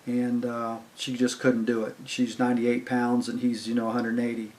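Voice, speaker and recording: A man's voice: medium pitch, completely flat delivery, normal speed, a little mellow. Older man telling a rambling story. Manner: rambling, conversational, heavy on "I was like" and fillers. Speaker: channel host telling stories. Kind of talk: casual storytelling.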